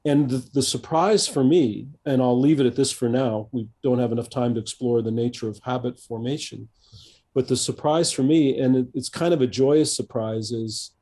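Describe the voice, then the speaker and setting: Older American male coach, mellow and dark-toned, thoughtful interview talk, halting with fillers and restarts. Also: mid-range voice. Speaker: coach, podcast guest. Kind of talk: conversational interview.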